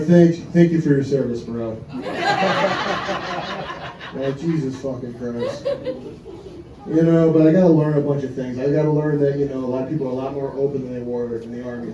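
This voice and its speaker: A man's voice: medium pitch, lo-fi sound, background noise. A young man from Wisconsin doing a stand-up comedy set, telling crude, profane stories about his army days. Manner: crude, profane storytelling with audience laughter. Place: comedy club stage. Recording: roomy club sound from a distance, crowd laughter.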